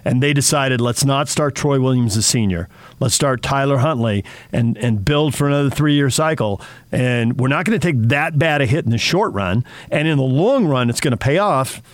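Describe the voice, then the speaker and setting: An opinionated man hosts a sports radio show and talks with animation. His pitch sits mid-range. The studio sound is dry and close. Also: animated, normal speed, no room sound. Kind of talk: casual sports radio chat.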